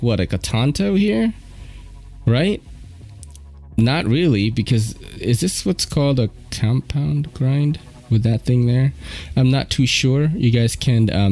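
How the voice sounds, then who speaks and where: A man hosting his channel, chatting casually and excitedly in slang while unboxing at home. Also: mid-range voice. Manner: slangy, excitable, loud exclamations. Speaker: channel host reviewing knives. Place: at home at a table.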